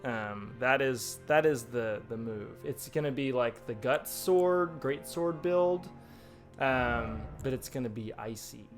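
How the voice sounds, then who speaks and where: A man's voice: mid-range voice, unhurried, hardly any pauses, soft background music. A man hosting a live game stream, talking casually, rambling a little with ums and restarts. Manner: chatty and rambling, with many ums and self-corrections. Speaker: streamer and host.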